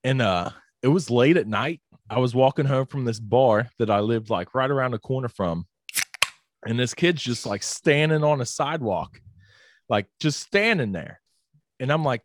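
A man's voice: mid-range voice, animated, normal speed, no echo. A man telling a story in casual podcast chat, peppered with "like" and "dude" and swearing freely.

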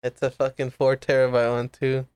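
A man's voice: mid-range voice, monotone, normal speed, darkish tone, smooth, dry recording. A young man swearing freely and telling loose stories in a casual chat with a friend. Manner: loose storytelling, heavy swearing.

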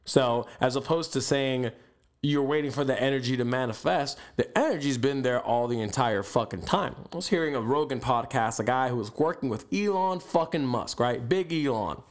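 A young male podcast host delivers a blunt, profane motivational rant. His voice sits in the mid range and moves at a normal speed.

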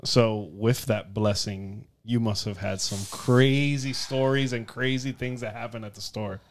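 A man's voice: mid-range voice, fairly even intonation, measured pace. A man hosting a casual podcast interview, prompting his guest in an easygoing way. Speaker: podcast host.

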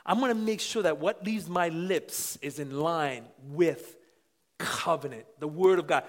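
A middle-aged man preaching a sermon with passion, dropping to quiet asides and then rising to shouts. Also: on the high side, unhurried. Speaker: pastor.

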